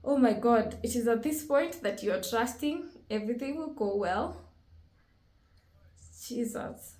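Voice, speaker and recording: Reaction host, woman, higher register, emotional and exclamatory, roomy echo. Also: expressive, unhurried, darkish tone. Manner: emotional, exclaims often, thinks aloud. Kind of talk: casual reaction commentary. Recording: roomy echo with faint music.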